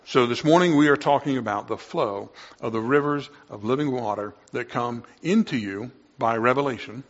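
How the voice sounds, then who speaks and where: A man preaching a sermon, moving between quiet reflection and loud, excited exclamations. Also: mid-range voice, highs cut off. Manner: impassioned, swings from quiet to loud.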